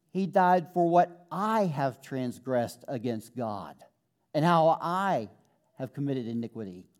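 A man preaching a sermon in an earnest manner, slowing down to quote scripture and building up with fervor. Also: on the high side, darkish tone. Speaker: pastor.

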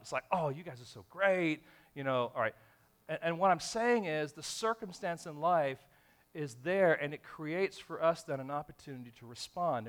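A man preaching a sermon in a church, animated and acting out everyday scenarios in different voices. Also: medium pitch. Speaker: pastor.

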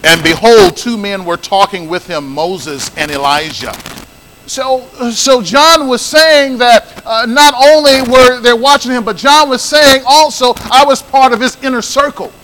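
A man's voice: extremely high pitch, measured pace, bright, forceful tone, big-room sound, a little hiss or hum, poor audio. A man preaching a sermon as pastor, emphatic, repeating phrases and calling out to the congregation.

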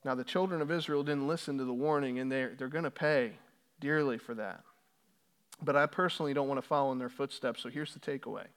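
A male pastor preaching a sermon in a church, building to forceful climaxes when he quotes scripture. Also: mid-range voice, fast, smooth. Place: church sanctuary.

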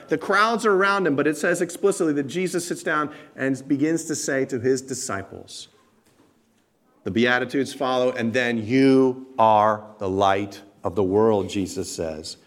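A pastor preaches at a moderate pace in an expressive, mid-range voice, being emphatic and direct with his listeners. Rhetorical questions punctuate the sermon as he builds toward loud, repeated stresses.

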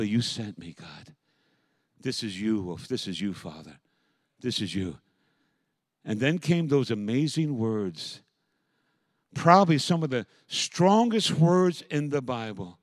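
A man preaching a sermon as pastor, moving from quiet, reflective passages to loud, impassioned calls. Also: mid-range voice, sing-song, measured pace, dry recording.

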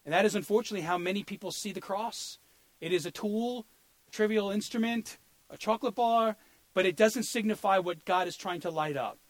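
A man's voice: high voice, no echo. A male pastor preaching an earnest sermon, sometimes repeating words as he searches for them.

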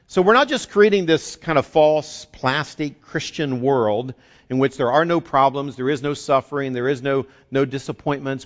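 A man preaching a sermon as a pastor in an earnest, conversational way, often restarting and repeating words. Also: mid-range voice. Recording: dull lo-fi recording.

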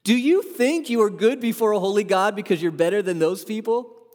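A man's voice: high voice, fairly quick, a little mellow. A man preaching a sermon as a pastor, earnest and emphatic, asking the room rhetorical questions. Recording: long hall reverb.

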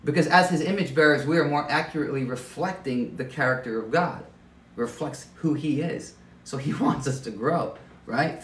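A man's voice: a little high, fairly bright tone, roomy sound, recorded from a distance. A man preaching a sermon as pastor, conversational and self-deprecating, often restarting and stammering over his words.

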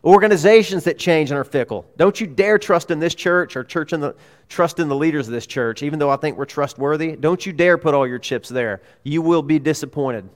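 A man preaching a sermon as a pastor in a church, emphatic, repeating key phrases and swinging between loud urgency and hushed tones. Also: a little high, a little fast.

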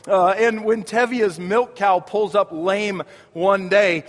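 Male pastor, high voice, impassioned sermon delivery, long hall reverb. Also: steady tone, slow. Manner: impassioned, swelling to loud emphatic peaks.

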